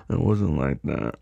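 A man with a deep, heavily gravelly voice, breathy and rough at the edges, gives orders in a slow, teasing dominant audio role-play. His pitch swings widely, and he sometimes sinks to a whisper. The sound is dry and close. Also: mellow, no room sound, highs cut off. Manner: commanding and teasing; drops to a whisper at times.

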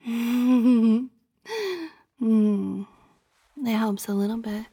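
Young woman doing a possessive girlfriend role-play; higher voice, pouty and teasing, dry close sound. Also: little pitch movement, extremely slow, breathy edge, dry recording, full character voice. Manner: pouty, teasing, drifting into soft whispers.

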